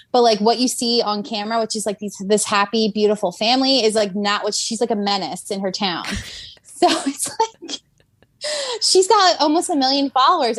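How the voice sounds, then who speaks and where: A woman's voice: mid-range voice, fairly bright tone, no room sound. A woman guest on a podcast, chatting casually and filling her talk with "like" and "um". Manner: chatty, uses lots of "like" and "um". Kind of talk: casual gossip chat.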